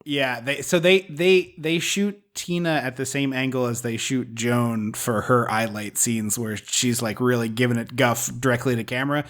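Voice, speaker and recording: Animated, rambling man discussing a film. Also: medium pitch, normal speed, hardly any pauses. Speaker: podcast co-host. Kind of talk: casual movie discussion.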